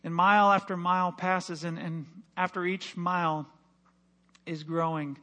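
A man preaching a sermon in church, telling a personal story with passion and dropping from loud to hushed. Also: high voice, flat delivery, a little slow. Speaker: pastor.

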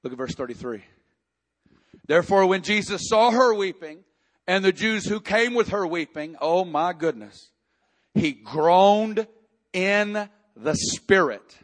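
A man preaching a sermon, reading scripture and building to impassioned, near-shouted prayer. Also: high-pitched, animated, slow. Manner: impassioned preaching, rising to shouts in emotional passages. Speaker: pastor.

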